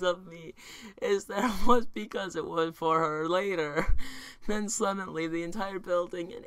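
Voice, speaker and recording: Slow, bright-voiced young guy reading fanfic. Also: a little high, clean tone, dry recording. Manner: reads in deadpan mock drama, laughing through absurd lines. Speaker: fan video host reading a fanfic aloud. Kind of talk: mock-dramatic reading of a bad fanfic.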